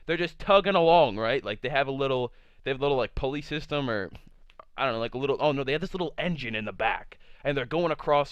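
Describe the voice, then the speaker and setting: A man's voice: a little high, a bit bright, no room sound. A young man vlogger telling a casual storytime tale, rambling with lots of "like" fillers and plenty of swearing. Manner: rambling, full of "like" fillers, profane. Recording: dull lo-fi sound.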